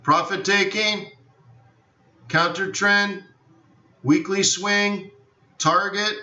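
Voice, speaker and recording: A man's voice: mid-range voice, lively intonation, normal speed, pushed and bright. A man hosting a live forex trading stream, chatting loosely and often saying he doesn't know. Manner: rambling, repeats "I don't know". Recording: roomy, distant, dull lo-fi sound.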